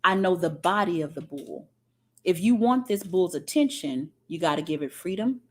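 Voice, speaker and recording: A woman's voice: on the low side, animated, moderate pace, voice pushed down. A woman as a calculating farmer. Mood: knowing. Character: calculating male farmer taming a bull.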